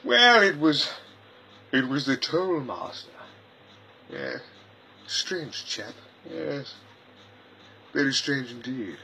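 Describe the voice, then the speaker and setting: A man playing an eccentric, chuckling gentleman time traveller who rambles and mutters to himself in a fan-made audio parody. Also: medium pitch, very animated, takes it slowly, gravelly, long pauses, slight background noise, heavily acted.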